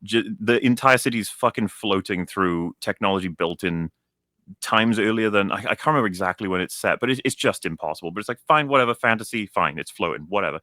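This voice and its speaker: Bright-voiced ranting man, low-pitched. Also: fast, no room sound, clean studio sound. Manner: animated, profane, mocks characters in put-on voices. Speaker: stream guest. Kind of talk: ranting game critique on a stream.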